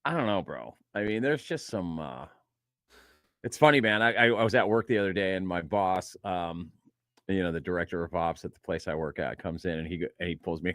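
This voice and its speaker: A man's voice: deep voice, normal speed, no room sound. Guy cohosting a podcast, rambles on with lots of ums and restarts, dry sound. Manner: rambling storyteller, many fillers and restarts. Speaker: podcast co-host. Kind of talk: casual chat.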